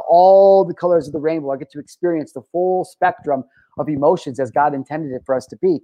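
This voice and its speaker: A man's voice: on the high side, darkish tone, poor audio. Rambling emotional man in his thirties. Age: 30s. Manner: rambling, emotional, with many restarts and fillers. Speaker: vlogger. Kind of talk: casual personal vlog monologue.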